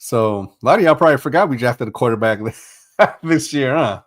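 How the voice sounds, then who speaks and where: A man's voice: mid-range voice, expressive, brisk. A man hosting a casual sports podcast, rambling and swearing as he rants in exasperation. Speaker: podcast host.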